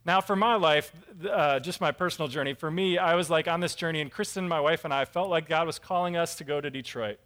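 A man's voice: on the high side, fast talker, few pauses, fairly bright tone. A man preaching a casual, conversational sermon as a pastor, self-deprecating and acting out characters' lines.

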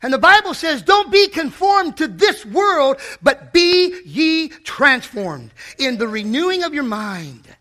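High, bright, fervent male preacher. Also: big pitch swings, takes it slowly, few pauses. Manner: fervent, calls out to the congregation. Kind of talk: sermon. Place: church.

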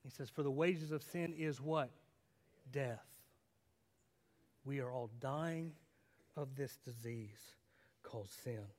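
A man preaching a sermon as a pastor, swinging from loud emphatic lines to low quiet ones and asking the congregation questions. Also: takes it slowly, long pauses, long reverb tail. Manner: dramatic, rising and falling intensity, rhetorical questions.

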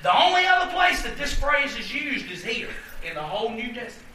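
Animated high-voiced preacher. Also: male voice, brisk, distant mic. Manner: folksy, emphatic preaching with asides to the congregation. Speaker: pastor. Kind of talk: sermon. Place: church sanctuary. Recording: echoey room, voice from off the mic.

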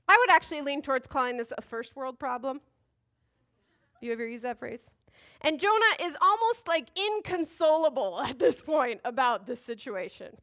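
A woman's voice: high voice, pushed and bright. A woman giving a casual, chatty Bible teaching, drifting into side notes and jokes about herself. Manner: chatty, digressive, self-deprecating.

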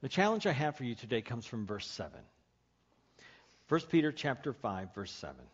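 A man preaching a sermon as pastor, moving from hushed, quiet passages to impassioned, pleading climaxes. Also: mid-range voice, big pitch swings, normal speed, breathy edge, muffled recording.

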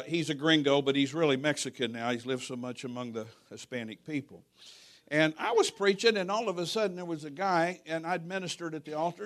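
A man preaching a sermon in a church, telling a story with jokes and swinging from hushed to loud. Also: a little high.

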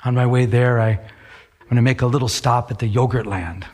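A man's voice: mid-range voice, steady tone, normal speed, darkish tone. A man preaching a sermon, telling a story in an earnest, conversational way. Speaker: pastor.

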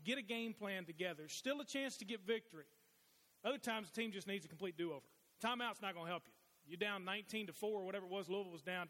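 A man's voice: high-pitched, fairly bright tone. A middle-aged man preaching a sermon as pastor, telling folksy stories with frequent restarts. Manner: folksy storytelling with many restarts. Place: church sanctuary. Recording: long reverb of a large hall.

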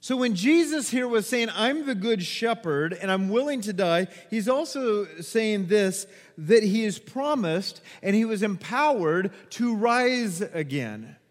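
A man preaching a sermon as a pastor, telling a personal story with animated delivery, acting out quotes and laughing at himself. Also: sits high, unhurried, few pauses, big-room sound.

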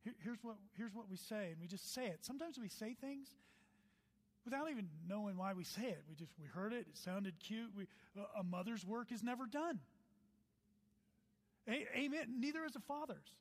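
A man preaching a sermon, animated, with asides and quick quotes read to the congregation. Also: high voice, in a large hall. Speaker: pastor.

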